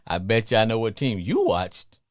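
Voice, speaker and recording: Lively Southern sports radio host. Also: male voice, fairly low pitch, moderate pace, no echo, studio quality. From Southern US, family from Louisiana. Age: middle-aged. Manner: animated, playful, breaks into song snippets. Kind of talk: casual sports talk radio.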